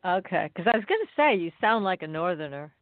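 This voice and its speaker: A woman hosting a radio interview, reacting with quick agreement and asking her guest questions. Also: lowish voice, big pitch swings, no echo. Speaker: radio show host. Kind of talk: casual phone interview. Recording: dry tinny phone line.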